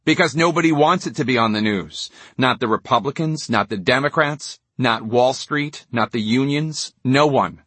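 A man's voice: mid-range voice, moderate pace, few pauses, a bit bright, husky, dry recording. A man voicing a nasal, menacing male political aide who speaks in a cold, threatening way.

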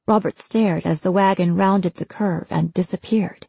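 A woman narrating an audiobook in an even, measured reading. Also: lowish voice, gravelly, slightly rough, dry recording. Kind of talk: scripted narration.

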